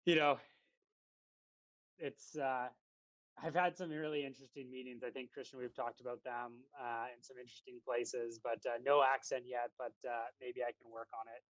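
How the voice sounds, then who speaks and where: A man's voice: medium pitch, fairly even intonation, moderate pace, a bit bright, no room sound, lo-fi sound. A man from western Canada, a guest on a casual podcast interview, rambling and chatty with lots of fillers.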